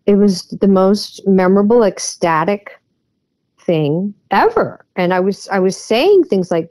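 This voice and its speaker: A woman who is a guest on an interview podcast, earnestly retelling a personal experience and often pausing on fillers. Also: medium pitch, darkish tone, no echo.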